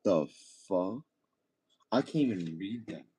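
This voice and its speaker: Young male streamer, very low voice, loose rambling chat with frequent swearing. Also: animated, takes it slowly, warm tone, husky. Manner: laid-back, swears often, rambling. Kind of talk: casual chat.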